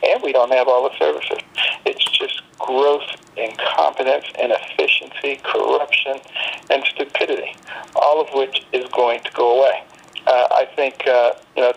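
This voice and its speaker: A husky middle-aged man delivers political commentary as a guest on a call. His pitch sits in an ordinary middle range, and he talks in a measured way, often pausing on fillers and restarting his sentences. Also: poor audio.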